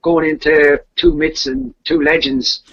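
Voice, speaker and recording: Male storyteller, gravelly and husky, lively pitch, casual legend retelling, lo-fi sound. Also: measured pace. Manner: animated retelling of a legend, repeats words and restarts. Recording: dull lo-fi recording.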